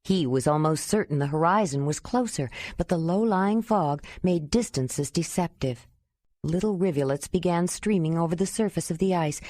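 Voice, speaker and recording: A woman reading a novel aloud as an audiobook narrator, measured and even. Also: fairly low pitch, no echo. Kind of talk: scripted narration.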